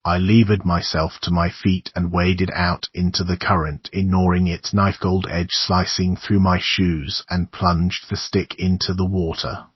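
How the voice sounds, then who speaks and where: Male horror audiobook narrator: very low, husky, measured and somber; dry, slightly muffled audio. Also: flat delivery, dry recording.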